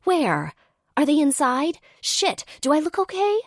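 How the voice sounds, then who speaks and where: A woman's voice: sits high, very animated, measured pace, dry recording, clean studio sound, pitched above the performer's own voice. A woman putting on a squealing boy-crazy young woman. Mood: excited.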